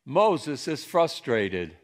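A male pastor from central Pennsylvania preaching a sermon, with emphatic swings between soft and loud passages. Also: medium pitch, big pitch swings, very slow.

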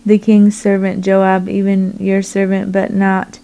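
A woman reading the words of a young male messenger in her own plain, slow reading voice. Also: medium pitch, gravelly. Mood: earnest. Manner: flat, slow, unhurried reading.

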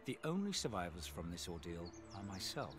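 An actor playing an older, formal male butler, reporting in a measured way. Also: low voice, very animated. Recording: anime clip with music behind.

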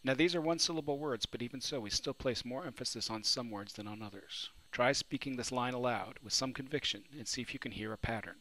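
A man's voice: medium pitch, quick pace, few pauses, sharp tone, rough recording. A man teaching a recorded lesson on poetry, asking his students questions and answering them himself. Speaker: literature teacher. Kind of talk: recorded lecture. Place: New Orleans.

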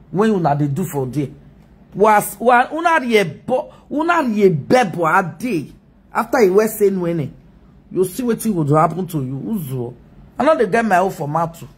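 Husky Nigerian woman ranting mockingly. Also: lowish voice. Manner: mocking, scolding, laughs often. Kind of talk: live video rant.

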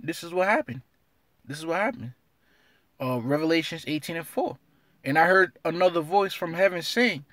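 A man's voice: a little high, fairly bright tone, no room sound, studio quality. A man giving an informal scripture lesson, blunt and streetwise, tagging his lines with "man" and reading verses aloud in an old-fashioned cadence. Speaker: religious teacher.

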